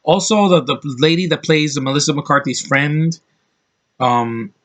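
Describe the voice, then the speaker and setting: A man's voice: fairly high pitch, a little slow, noisy background. A man giving a casual, opinionated film review, rambling and restarting his sentences as he goes. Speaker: movie reviewer.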